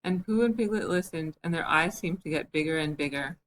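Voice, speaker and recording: Woman storyteller, children's book reading, gentle, measured, lowish voice.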